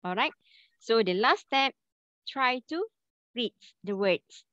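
A woman's voice: fairly high pitch, expressive, slow, a bit bright, dry recording. A woman teaching a language class online, patiently repeating questions and spelling out syllables. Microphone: video call. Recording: dull lo-fi call audio.

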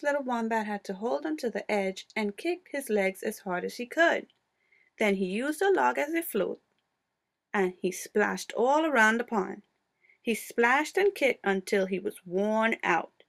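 A woman narrating a children's storybook with a voice that sits a little high and swings up and down. She reads in a playful, expressive way. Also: a little slow, vocal fry. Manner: expressive, playful read-aloud delivery. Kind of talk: storybook read-aloud.

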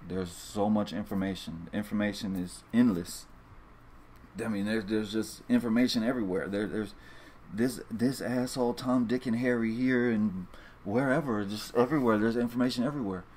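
A man's voice: lowish voice, steady tone, normal speed, a little mellow. Guy, rambling and cussing to his viewers, stumbles and restarts a lot, faint hiss behind him. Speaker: fantasy sports video host. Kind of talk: casual monologue to viewers.

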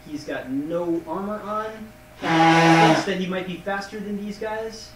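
A man's voice: sits high, unhurried. A man playing a tabletop game with friends, wry and joking. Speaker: player. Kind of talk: casual tabletop play. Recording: noisy room, distant mic, echoey.

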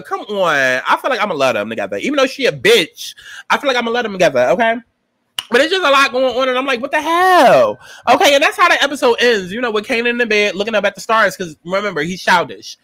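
A man recaps a TV episode in a high, bright voice that swoops up and down with dramatic, sassy energy. He swears freely and acts out his own reactions in a dry, close sound. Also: no echo. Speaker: TV episode reviewer. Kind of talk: casual profane recap and review.

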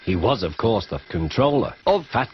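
A man narrating a children's story in a lively, expressive way. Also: fairly low pitch, moderate pace, very noisy. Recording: muffled old audio with music.

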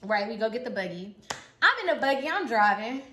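A young woman with a Houston accent tells a storytime vlog in a high, lively voice that leaps up and down. Her tone is bright, she laughs often, and she acts out every line of dialogue. The room sounds echoey. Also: a little fast, a little hiss or hum. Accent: Houston, Texas. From Houston, Texas. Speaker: vlogger. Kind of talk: casual storytime.

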